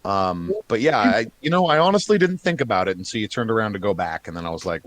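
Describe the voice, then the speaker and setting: A man narrating a tabletop game as game master, relaxed and rambling with many fillers. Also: lowish voice, fast talker, few pauses, dry recording.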